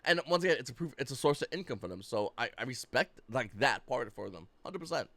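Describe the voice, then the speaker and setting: A man's voice: mid-range voice, animated, fast, sharp tone, dry recording. A man giving casual ranting commentary as a YouTube card-game host, blunt and profane.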